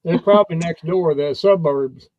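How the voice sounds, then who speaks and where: A man's voice: fairly high pitch, moderate pace, dull audio. A man co-hosting a live chat, teasing and repeating words for laughs. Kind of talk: joking casual chat.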